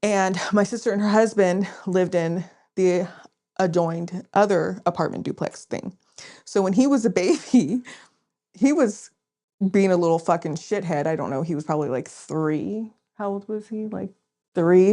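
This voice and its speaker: A woman's voice: mid-range voice, normal speed, warm tone. A woman co-hosting a casual podcast, telling stories with lots of swearing and laughter. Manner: profane, laughing storyteller. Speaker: podcast co-host.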